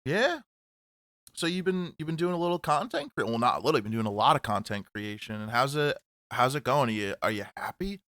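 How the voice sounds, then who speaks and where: A man co-hosting a casual podcast chat, rambling with restarts, swearing and laughing loudly. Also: medium pitch, big pitch swings, fairly quick, no room sound, studio quality. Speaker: podcast co-host.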